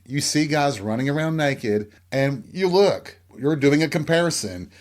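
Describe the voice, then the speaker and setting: A man's voice: on the high side, expressive, unhurried. A man with a light Southern American accent, hosting a podcast and telling candid stories in a casual monologue. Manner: candid, chatty storytelling. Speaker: podcast host.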